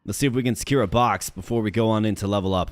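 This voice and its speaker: A man's voice: fairly low pitch, rapid-fire, no echo. Man from Minnesota, casual gameplay commentary, dry close mic, faint music underneath. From Minnesota, USA. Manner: chatty, upbeat, slangy. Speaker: gaming channel host.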